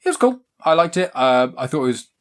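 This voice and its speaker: A man's voice: a little high, big pitch swings, quick pace. A man hosting a casual chat, rambling and laughing often, with plenty of ums. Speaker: podcast host. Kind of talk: casual chat reviewing a show.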